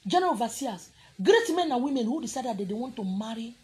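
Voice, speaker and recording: Very husky Nigerian woman scolding. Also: fairly high pitch, very animated, fast, darkish tone. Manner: scolding, confrontational. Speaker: spiritual teacher. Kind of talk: preaching to an audience.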